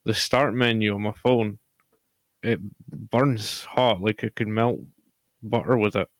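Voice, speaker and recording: A relaxed young man with a lowish voice, swearing casually and dropping quick reactions into the chat. The sound is dry and close with no room around it. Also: no echo. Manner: laid-back, sweary, short reactions.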